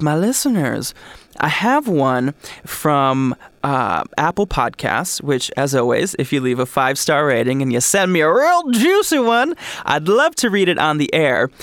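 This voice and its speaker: A man hosting a podcast, chatting excitedly and joking while he reads out listener ghost stories. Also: a little high, dry recording. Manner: excitable, gushing and jokey. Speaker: podcast host. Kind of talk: casual podcast chat and reading listener stories.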